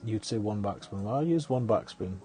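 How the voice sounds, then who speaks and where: A man's voice: lowish voice, expressive, brisk, warm tone, faint music behind. A man giving casual live-stream commentary on a game, chatty, thinking aloud and chuckling often.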